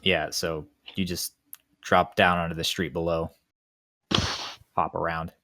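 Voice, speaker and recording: Laid-back deep-voiced man at a game table. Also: little pitch movement, measured pace, bright, forceful tone, dry recording, studio quality. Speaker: player. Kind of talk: casual tabletop role-play.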